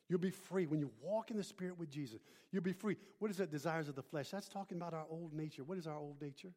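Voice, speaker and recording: A man preaching a sermon as pastor, swinging between emphatic rising calls and hushed, quiet lines, with call-and-response to the congregation. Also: high-pitched, fast, few pauses, big-room sound.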